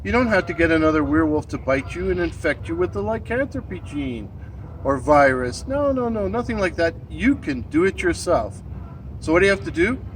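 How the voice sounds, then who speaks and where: A man with a head cold and a gravelly voice, hosting and reading weird tales with theatrical asides to his listeners. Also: on the high side, expressive, brisk, slight background noise. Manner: theatrical, addresses listeners directly. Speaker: storyteller and channel host.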